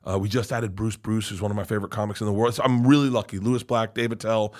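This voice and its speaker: A man talking excitedly as a guest comedian in casual podcast chat, swearing and rushing. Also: on the low side.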